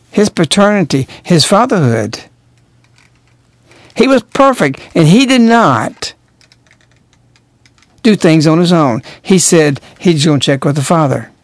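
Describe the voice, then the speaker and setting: A man giving an earnest, emphatic religious radio talk, stressing key words by rising in pitch. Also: no room sound. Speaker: radio commentator.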